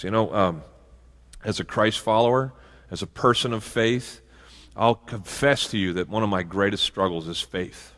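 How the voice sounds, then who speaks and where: A man's voice: on the low side, normal speed, a bit bright, long reverb tail. A male pastor preaching a sermon in a conversational way, with asides and frequent restarts. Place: church sanctuary.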